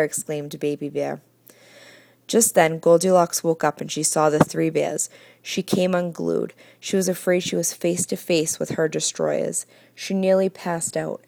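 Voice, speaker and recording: A woman from Massachusetts, reading a fairy tale aloud in a steady, careful way. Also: low voice, gravelly, no room sound. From Massachusetts, USA. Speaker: reader.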